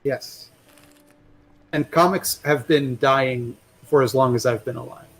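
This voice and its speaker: A man's voice: mid-range voice, unhurried, fairly bright tone, rough recording. A man talking as a guest in a casual chat, rambling and swearing, with many restarts and fillers.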